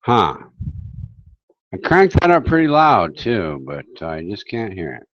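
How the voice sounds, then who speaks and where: A man hosting a livestream and ranting at his chat in a crude, mocking way. His pitch swings widely and animatedly from line to line. The sound is muffled and lo-fi. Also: wildly swooping pitch, a little slow, no room sound. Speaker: livestream host. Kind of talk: profane livestream rant.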